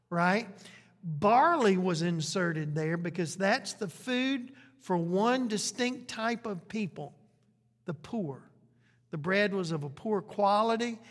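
Male pastor, slow deliberate sermon delivery, high voice, long hall reverb. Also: fairly bright tone. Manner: preaching with questions to the congregation.

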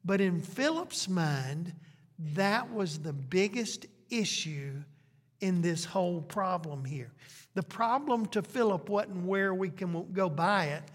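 A man's voice: high voice, animated, slow. A man preaching a sermon, questioning his congregation and stretching out phrases for emphasis. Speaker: pastor. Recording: long hall reverb.

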